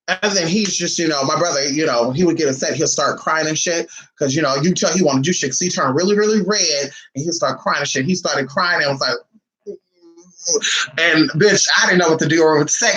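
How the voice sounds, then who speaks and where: A man's voice: high-pitched, lively intonation, moderate pace, bright, forceful tone, rough recording. A man vlogging casually, telling family stories in a sassy, flamboyant and profane way. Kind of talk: casual storytelling.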